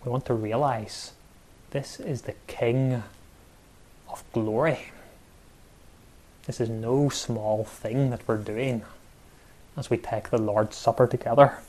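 A man preaching a sermon, measured and emphatic, with pauses and repeated words for stress. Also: mid-range voice, fairly even intonation, darkish tone.

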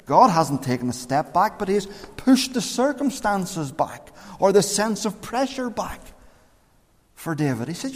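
Man preaching, fairly high voice, earnest, rises and dips for emphasis, long hall reverb. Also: big pitch swings, measured pace. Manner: earnest, rising and falling for emphasis. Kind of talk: sermon.

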